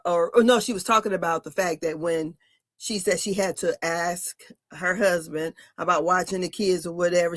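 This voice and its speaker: A woman's voice: medium pitch, fairly bright tone, dry recording. A woman walks through a reality TV episode in a chatty, blunt way, with casual swearing. Her voice sits mid-range and sounds dry and close, with no room around it. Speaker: co-host recapping reality TV. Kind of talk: casual chat.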